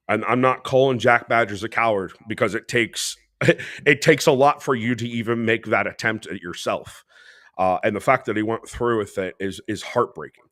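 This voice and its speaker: A man's voice: lowish voice, fairly bright tone, no echo, studio quality. A man co-hosting a podcast, speaking in an earnest, heartfelt way with frequent "you know" fillers. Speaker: podcast co-host. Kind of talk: casual podcast talk.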